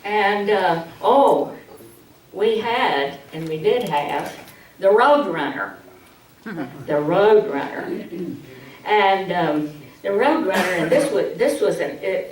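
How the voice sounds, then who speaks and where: A woman presenting a public speaking workshop, slow, humorous and instructive, heard from a distance in an echoey hall. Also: mid-range voice, lively intonation. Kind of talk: public speaking training demo. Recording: distant mic in an echoey hall, faint hiss.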